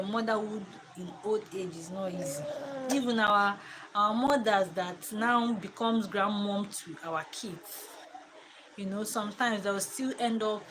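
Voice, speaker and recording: Chatty mum talking to camera. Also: female voice, medium pitch, a bit bright, slight background noise, low-quality recording. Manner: chatty and reflective, laughs often. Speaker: mother and home vlogger. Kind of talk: casual chat to camera. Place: living room at home.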